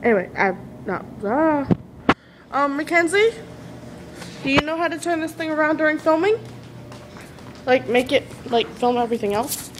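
A woman's voice: high voice, animated, moderate pace, pauses often, noisy background. A hyper, giggly young woman with a Southern US accent, joking around in a casual vlog inside a college building. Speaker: vlogger.

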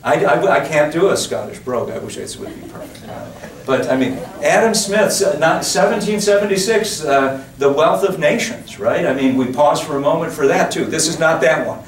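A man's voice: fairly high pitch, animated, moderate pace, few pauses. A man giving a public lecture, talking with digressions and emphatic asides to his audience in a lecture room. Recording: roomy, distant lecture-hall recording with faint noise.

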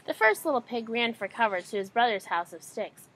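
A woman reading a children's story aloud, animated and expressive. Her fairly high voice rises and falls a great deal as she tells it. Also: brisk, slight background noise, rough recording. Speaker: storybook reader.

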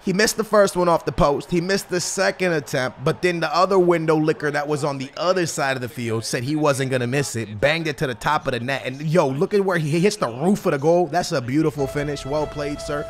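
A young man with a high, light voice runs slangy commentary over his own football game. He jumps between loud hype and low, muttered grumbling, with faint game music playing underneath. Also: brisk, hardly any pauses. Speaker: gaming YouTuber. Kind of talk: gameplay commentary.

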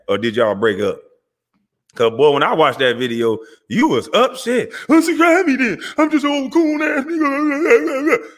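The channel's host, a man with a medium-pitched, fairly bright voice, delivers a heated monologue in street slang. Confrontational in tone, he mocks listeners and calls them out, repeating himself as he goes.

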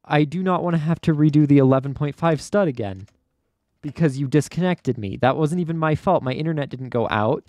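A young man casually commenting on his own gameplay, thinking aloud, stammering and getting excited. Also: a little high, fairly quick, no echo. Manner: talks to himself, stammers, excitable. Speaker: gaming YouTuber. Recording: dry close sound with keyboard typing.

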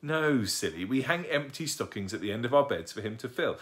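A man's voice: medium pitch, expressive, brisk, a bit bright, voice pushed up, close to an everyday voice. A man reading aloud and voicing a chatty, bossy little girl who explains things eagerly. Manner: eager, explaining, matter-of-fact.

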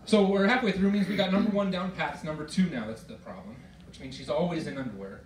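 Exasperated stand-up comic in a roomy hall. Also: male voice, fairly high pitch, fast talker, crowd noise. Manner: exasperated storytelling with shouted outbursts. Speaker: stand-up comedian. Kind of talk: stand-up comedy set. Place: performance hall with a live audience. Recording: roomy hall recording from far off, loud noise.

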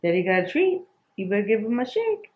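A woman talks through her day in a relaxed home vlog, chatty and quick to laugh. Her voice sits at an ordinary middle pitch. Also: dull audio. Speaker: vlog host. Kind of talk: casual home vlog chat. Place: family home living room.

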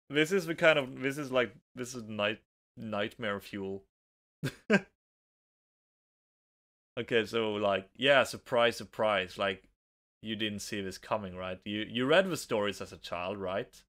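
A man's voice: lowish voice, unhurried, long pauses, fairly bright tone. A young man with a Norwegian accent, a native Norwegian speaker, casually commenting on a game he plays and reading its text aloud with nervous giggles. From Norway. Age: young adult. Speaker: let's play host.

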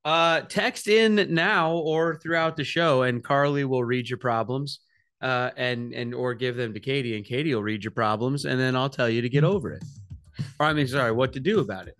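A man's voice: medium pitch, normal speed, a bit bright, dry recording, clean studio sound. A man hosting a morning radio show, joking around and slipping into mock salesman voices. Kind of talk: playful morning radio banter.

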